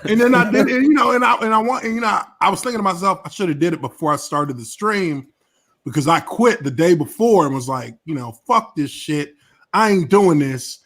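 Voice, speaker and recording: Relaxed, swearing male stream host, slightly high voice. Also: fast talker. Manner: laid-back, profane storyteller, laughs often. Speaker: livestream host, former football player. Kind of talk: casual livestream chat.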